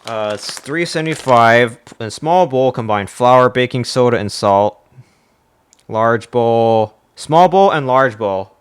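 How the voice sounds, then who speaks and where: A man's voice: mid-range voice, expressive, takes it slowly, clean tone. A man streaming live from his kitchen, a bit out of breath, rambling, swearing and reading a recipe aloud as he cooks. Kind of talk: casual live-stream chat while cooking.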